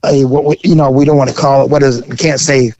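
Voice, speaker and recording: A man's voice: medium pitch, steady tone, quick pace, dark tone, muffled recording, a little hiss or hum. Rambling joking male storyteller. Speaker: podcast host. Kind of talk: storytelling podcast.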